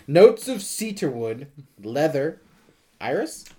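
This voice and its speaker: A man's voice: on the high side, big pitch swings, very slow, a little mellow. A man hosting a casual podcast with friends, rambling and acting out scenes he retells. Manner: rambling, acts out movie scenes in voices. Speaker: podcast host.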